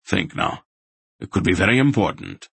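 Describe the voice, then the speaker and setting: A man's voice: low-pitched, vocal fry, fairly bright tone, husky, no room sound, heavily acted. A man voicing a shrewd old sorcerer. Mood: thoughtful. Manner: dry, measured, thoughtful.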